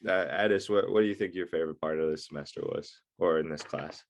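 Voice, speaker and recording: A man's voice: a bass voice, fast. A young man co-hosting a casual chat, congested and stuffed up, talking hesitantly with many ums and uhs. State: stuffed-up nose. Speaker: co-host.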